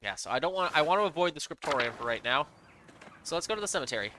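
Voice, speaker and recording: Male let's-player, low-key musing, slightly high voice; steady noise in the recording. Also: very fast. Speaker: let's play gamer. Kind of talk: casual gameplay commentary. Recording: noisy home recording.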